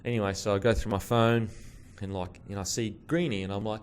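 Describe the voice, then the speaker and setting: Young Aussie host, low voice, chatty and crude, tells stories with gusto. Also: male voice, normal speed, slight background noise. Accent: Australian. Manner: swearing, animated storyteller. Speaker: podcast host. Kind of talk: casual chat.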